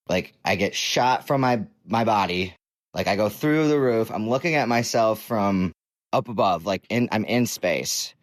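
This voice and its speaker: A young man with a somewhat low voice tells a personal story off the cuff. He rambles quickly, leaning on filler words and now and then swearing. The recording is dry and close, with no room sound. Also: no echo. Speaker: listener telling his own story. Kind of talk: casual spoken personal story.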